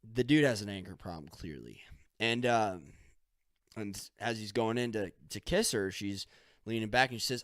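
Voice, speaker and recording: A man rambling through a solo podcast monologue, swearing casually and spinning stories as he goes. His voice sits on the low side. The sound is dry and close, with no room echo. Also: normal speed. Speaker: podcast host.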